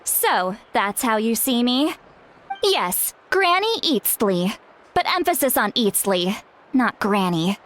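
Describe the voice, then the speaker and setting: A fierce, scolding old granny in a game; bright, slow, deliberate delivery. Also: female voice, fairly high pitch, big pitch swings, slight background noise, exaggerated voice. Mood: sassy scolding. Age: older. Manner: sassy, scolding, quick to anger. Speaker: game character voice. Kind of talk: game voice lines.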